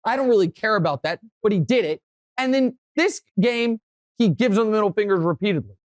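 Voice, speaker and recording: A man hosting a sports talk show, telling stories in a casual, animated way, his voice climbing when he gets worked up. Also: high-pitched, a little fast, no room sound. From Kansas City area, USA.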